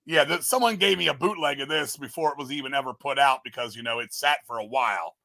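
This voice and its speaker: Gravelly, foul-mouthed man ranting. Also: mid-range voice, fast, dry recording, clean studio sound. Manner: loud, swearing, mocking, bursts into shouted parodies. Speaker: podcast guest. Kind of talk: profane casual chat.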